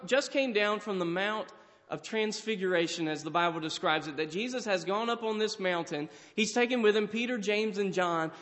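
High-voiced preacher in a reverberant hall. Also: male voice, a bit bright. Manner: dramatic storytelling, acts out voices. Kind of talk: sermon.

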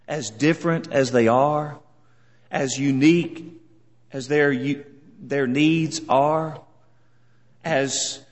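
A man preaching a sermon in an earnest, measured way, leaning on words for solemn emphasis. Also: a little high, big-room sound.

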